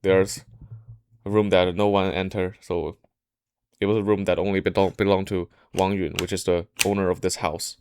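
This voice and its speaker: A man telling a history story in a casual podcast style, halting often and correcting himself mid-sentence. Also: sits low, level tone, darkish tone, clear, resonant tone. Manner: halting, frequent restarts and self-corrections.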